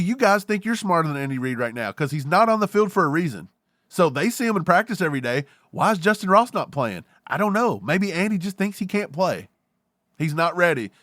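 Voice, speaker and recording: A man co-hosting a casual sports talk show, ranting with jokes and animated outbursts. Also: sits high, no room sound, clean studio sound. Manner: animated, joking rants. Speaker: podcast co-host.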